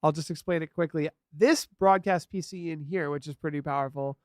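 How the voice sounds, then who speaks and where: A man's voice: on the high side, brisk, no room sound, studio quality. A man co-hosting a live streaming tech podcast, explaining hardware in casual, enthusiastic chat. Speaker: podcast co-host.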